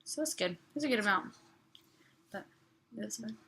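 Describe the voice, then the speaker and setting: Young woman, bubbly vlogger, bright tone, giggles, whispered asides. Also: on the high side, lively intonation, moderate pace, breathy edge. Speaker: summer youth missionary. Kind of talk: casual chat.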